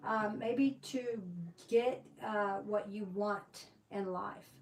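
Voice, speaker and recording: A woman's voice: mid-range voice, fairly even intonation, slow, far from the mic, rough recording. A woman giving a tarot reading, rambling with many fillers and restarts. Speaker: tarot reader.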